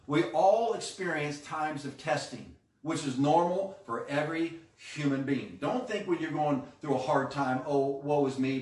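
A man preaches with energy, swinging between hushed asides and sudden emphatic bursts as he acts out quotes. His voice sits at a middling pitch and is heard from some distance in an echoey church room. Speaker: pastor. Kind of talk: sermon.

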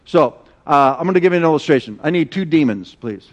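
A high-voiced pastor preaches in a church sanctuary at a quick pace, animated and conversational. He leads call-and-response with the congregation, and the sound is lo-fi.

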